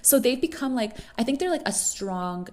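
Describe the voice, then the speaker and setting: A woman's voice: fairly high pitch, animated, moderate pace, darkish tone, a little hiss or hum. A woman co-hosting a podcast in casual chat about a TV series, easygoing and hesitant, with many "like" and "um" fillers. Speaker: podcast co-host.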